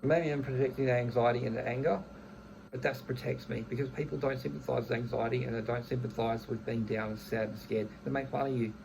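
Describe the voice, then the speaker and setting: A gravelly man in his thirties vents in a casual monologue. His voice is dark and rough, and he talks bluntly and angrily, swearing freely and tripping over restarts. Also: medium pitch, steady tone, fast talker, a little hiss or hum, poor audio. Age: 30s. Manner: angry, blunt, swears heavily, restarts phrases. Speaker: vlogger.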